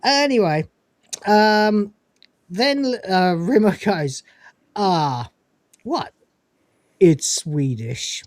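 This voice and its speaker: A man with a high voice speaks extremely slowly, leaving long pauses, on a dry recording. He hosts a casual review podcast, recapping episodes as an animated storyteller who acts out the characters' quoted lines.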